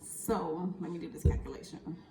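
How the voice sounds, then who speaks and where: A woman's voice: on the low side, fairly even intonation, moderate pace, gravelly, dark tone, reverberant, slight background noise. A woman, chatting to camera in a casual vlog and acting out the conversations she tells about. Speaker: vlogger.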